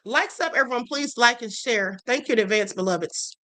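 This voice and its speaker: A woman's voice: a little high, a little fast, pushed and bright. A woman hosting a live stream, reacting with emphatic commentary and reading out viewer comments. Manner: outspoken, emphatic, addresses viewers as beloveds. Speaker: livestream host.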